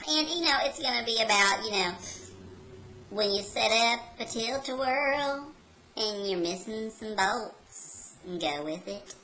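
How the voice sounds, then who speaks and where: A woman's voice: a little high, lively intonation, a little slow, sharp tone, slight background noise, poor audio. A woman playing a brash, rebellious carnival worker, telling a rambling folksy story as a comedy character monologue.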